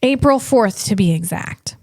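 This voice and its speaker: A woman comedian hosting a podcast, delivering a rambling, animated comic monologue full of restarts. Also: mid-range voice, measured pace, dry recording, clean studio sound.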